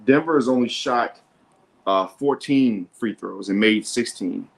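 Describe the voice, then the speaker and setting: A man hosting a sports show, commenting live on a basketball game in an excitable way and often repeating himself. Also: on the low side, measured pace, vocal fry.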